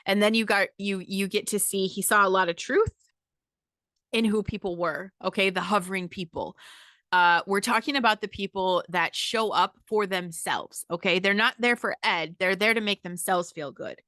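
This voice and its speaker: A woman's voice: mid-range voice, normal speed, sharp tone, no echo, clean studio sound. A woman hosting a podcast, talking in a casual, emphatic monologue full of swearing and "okay?" checks. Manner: emphatic, profane, keeps asking "okay?". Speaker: podcast host.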